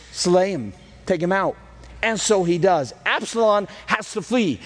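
A man with a high-pitched voice preaches a sermon, telling the story in a lively, casual way. His voice rings out with a long reverb, as in a large hall. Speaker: pastor.

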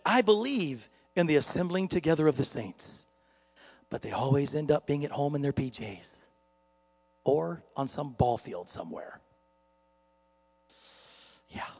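A man preaching a sermon in a joking, conversational way that builds to loud dramatic peaks. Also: medium pitch, breathy edge, in a large hall.

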